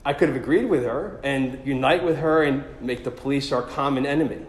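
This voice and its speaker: A man telling a personal story as a sermon, in an animated, self-deprecating way. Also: medium pitch, a little fast. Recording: echoey hall with long reverb.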